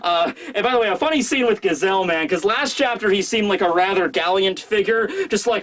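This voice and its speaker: A man hosting a casual manga review who talks in an animated, rambling way with lots of fillers. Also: sits high, a little fast, few pauses. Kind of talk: casual video commentary.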